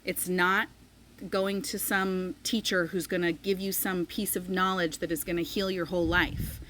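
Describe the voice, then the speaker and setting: A woman in her thirties talks in a slightly low voice, telling a personal story to the camera. She speaks loosely and chattily, scattering "like" through her sentences. A faint hiss runs underneath. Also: flat delivery, moderate pace, fairly bright tone, rough recording. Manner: chatty, frequent "like" fillers, emotional retelling. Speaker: spiritual coach. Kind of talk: casual personal storytelling vlog.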